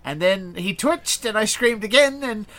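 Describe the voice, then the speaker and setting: A woman's voice: medium pitch, lively intonation, moderate pace, a bit bright. A woman playing a tabletop game in character, talking in a hesitant, rambling, stop-start way. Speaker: player.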